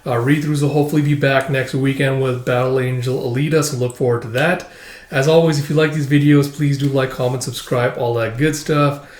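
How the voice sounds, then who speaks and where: Animated man in an echoey room. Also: mid-range voice. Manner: animated, acts out dialogue in quick put-on voices. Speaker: manga reviewer. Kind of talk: casual chapter recap.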